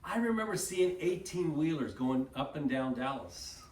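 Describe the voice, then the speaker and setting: A man in his fifties from Texas with a Texan accent, telling animated folksy stories and saying y'all to his audience. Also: fairly high pitch, normal speed. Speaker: guest speaker. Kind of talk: casual storytelling talk. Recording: roomy, distant mic with faint noise.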